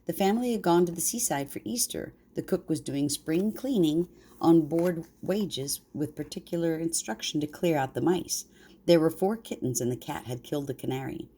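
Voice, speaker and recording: Low husky grandmother reading a story. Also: normal speed, mellow. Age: older.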